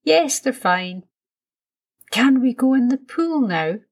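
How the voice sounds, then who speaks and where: A woman's voice: expressive, takes it slowly, exaggerated voice. Woman doing an eager little boy. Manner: high bright childlike delivery.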